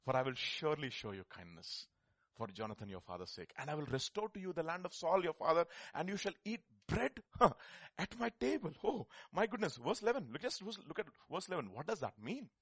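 A man preaching a sermon. He swings between loud, emphatic declarations and quiet, low asides, often restarting and repeating his phrases. The sound is close and dry. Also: lively intonation, a little fast, husky, dry recording.

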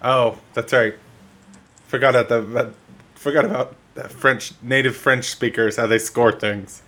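A man co-hosting a casual gaming podcast, blunt and quick, playfully disagreeing with his co-host. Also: mid-range voice, fairly even intonation, fairly bright tone.

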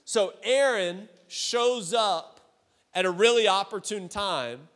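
A man, a high school pastor, giving a youth sermon in a casual, conversational way and asking his listeners direct questions. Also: slow, a bit bright, long reverb tail.

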